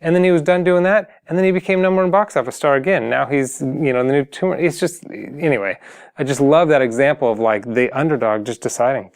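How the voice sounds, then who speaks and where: A man's voice: a little high, expressive, fast talker. A man giving motivational advice on singing, talking casually and earnestly to the camera, full of fillers and restarts. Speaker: singing coach.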